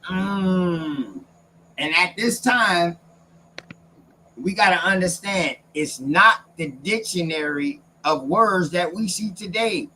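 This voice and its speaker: A man's voice: sits high, lively intonation, slow, pushed and bright, a little hiss or hum, rough recording. A man talking bluntly and with profanity in a casual panel discussion over a video call.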